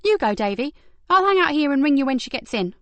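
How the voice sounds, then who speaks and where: An earnest, warm-hearted young female detective, voiced by a woman reading an audiobook. She talks briskly and animatedly in a raised voice. The recording is dry and close. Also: high-pitched, big pitch swings, no room sound, pitched above the performer's own voice.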